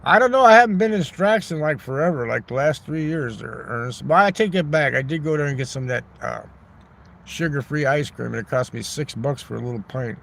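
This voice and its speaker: A man's voice: mid-range voice, fairly quick, vocal fry, slight background noise. A man hosting a rambling, crude, joking livestream outdoors in a neighborhood park, talking into his phone. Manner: rambling, crude joking, talks back to chat. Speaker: livestream host. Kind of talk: rambling casual livestream chat.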